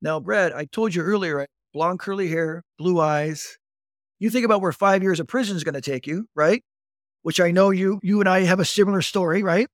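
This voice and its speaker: Man in his fifties, a guest telling a lively story, voice sits a bit high, close and dry sound. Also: fairly quick, no echo. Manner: animated storyteller who acts out quoted voices and keeps addressing the host. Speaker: guest recounting his recovery. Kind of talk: conversational storytelling interview.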